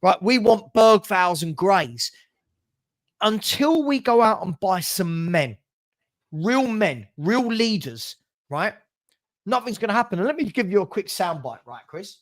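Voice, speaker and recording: A man with a notably high-pitched voice hosts a heated football fan chat. He rants with passion, doubles back on his words and laughs between points. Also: very animated, a little slow. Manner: passionate ranting, repeats himself, laughs often. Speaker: fan channel host.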